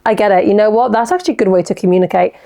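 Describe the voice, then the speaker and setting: A young woman hosts a podcast on her own, chatting casually and giggling as she reacts to messages from listeners. Her mid-range voice races along, gravelly yet warm in tone.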